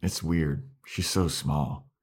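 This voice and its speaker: A man's voice: a bass voice, fairly even intonation, slow pace, husky. A man co-hosting a podcast in casual chat, retelling scenes animatedly, acting out characters' lines and swearing casually. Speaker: podcast co-host.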